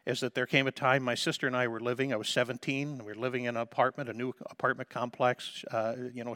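Male preacher, middle pitch, dry sound, personal testimony delivered with rising passion. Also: no room sound. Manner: personal testimony, swings from hushed to impassioned. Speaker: pastor. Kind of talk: sermon.

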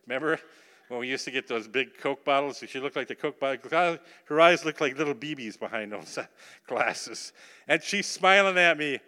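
Bright, resonant preacher in a reverberant hall. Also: male voice, medium pitch, moderate pace. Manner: animated, emphatic storytelling with questions to the congregation. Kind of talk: sermon with personal storytelling.

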